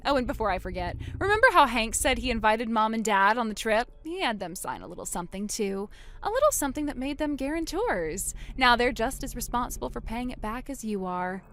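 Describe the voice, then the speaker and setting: A woman voicing a wronged older sister in a text-message story, speaking low, subdued and cold. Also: sing-song, fairly quick, fairly bright tone. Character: wronged older sister, quiet and bitterly calm.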